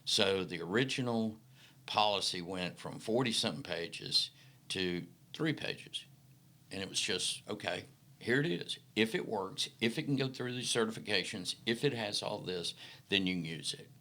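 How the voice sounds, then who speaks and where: On a podcast, a guest from the Mississippi Delta shares folksy stories at a normal speed in a low voice. It's a relaxed interview built around storytelling, and he livens up his anecdotes by performing the lines people said.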